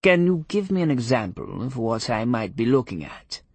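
A man's voice: mid-range voice, big pitch swings, moderate pace, darkish tone, breathy edge, dry recording. A man voicing a genial, avuncular priest who speaks in a soothing, fatherly way. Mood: curious.

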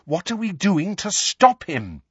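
A man's voice: sits high, sing-song, a little slow, husky, no echo, highs cut off, voice pushed up, heavily acted. A man reading an audiobook, voicing an angry, resentful teenage boy who talks sharply and demandingly.

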